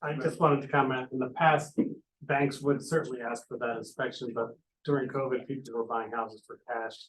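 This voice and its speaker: A man speaking up at a town hearing, earnest and emphatic in his warnings. His voice is of ordinary pitch with a faint background hiss. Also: steady tone, normal speed, a bit bright, low-quality recording. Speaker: resident speaking at public hearing. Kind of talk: public comment. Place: town hall meeting room.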